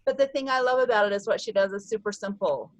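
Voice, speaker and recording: A woman's voice: mid-range voice, fast talker, dry recording, rough recording. A woman leading a virtual sales-team meeting over a video call, bubbly and upbeat, cheering often. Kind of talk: upbeat online meeting announcements.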